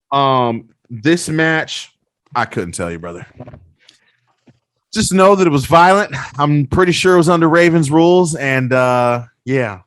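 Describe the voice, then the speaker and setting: A man hosting a casual wrestling podcast, chatty and pausing now and then to recall details. His pitch moves around a lot. The recording is dry and close. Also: no room sound. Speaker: podcast host.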